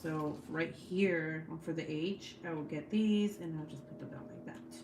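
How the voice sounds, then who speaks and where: A young woman hosts a crafting livestream from home, chatting bluntly while she crafts, swearing a lot and laughing often. Her voice is low-pitched and measured, and the echoey room carries some background noise.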